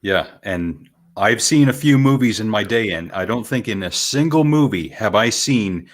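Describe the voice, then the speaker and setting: A man co-hosting a podcast, chatting in a relaxed, conversational way. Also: on the low side, moderate pace. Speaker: podcast co-host. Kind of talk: casual podcast chat.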